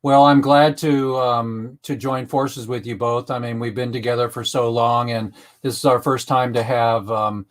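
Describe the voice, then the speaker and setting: A man hosts a casual online talk show, his voice sitting at an ordinary middle pitch. He talks in a halting way, stopping often with ums and starting his sentences over. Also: level tone. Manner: halting, many ums and restarts. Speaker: web show host.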